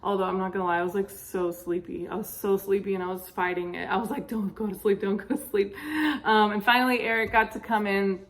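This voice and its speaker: Chatty young woman telling a story. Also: mid-range voice. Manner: chatty, many fillers, laughs while telling. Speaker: vlogger. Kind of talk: casual storytime.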